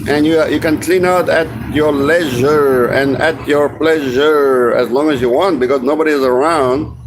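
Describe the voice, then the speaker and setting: A man's voice: fairly high pitch, fairly even intonation, moderate pace, background noise. A man vlogging in a rambling, casual monologue, swearing freely and often restarting his sentences. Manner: meandering, profane, many restarts.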